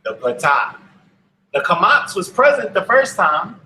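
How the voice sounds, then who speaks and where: A man's voice: high-pitched, sing-song, measured pace, sharp tone, roomy sound, poor audio. A man teaching a language lesson to an online class, speaking patiently and repeating each word for his students. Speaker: Hebrew teacher. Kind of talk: slow classroom instruction.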